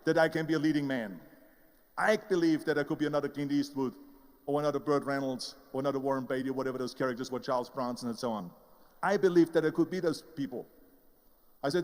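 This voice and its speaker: An older man, a motivational speaker with an Austrian German accent, speaks emphatically in a large hall, sharing his story and acting out what others in it said. His voice is on the high side.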